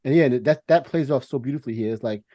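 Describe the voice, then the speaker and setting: A man's voice: mid-range voice, fast talker, mellow, no room sound. A man co-hosting a podcast, talking casually in a rambling, profane way with many restarts. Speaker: podcast co-host.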